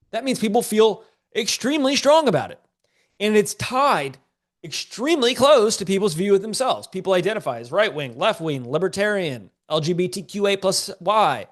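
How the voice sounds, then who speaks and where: A man teaching a live-streamed business class, a bit congested, talking in a casual, joking, slangy way to viewers in a chat. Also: high voice. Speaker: online business coach.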